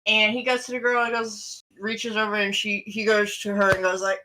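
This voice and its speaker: A woman co-hosting a podcast, telling a story in a casual, animated way full of restarts. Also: mid-range voice, moderate pace, slight background noise, poor audio. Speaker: podcast co-host.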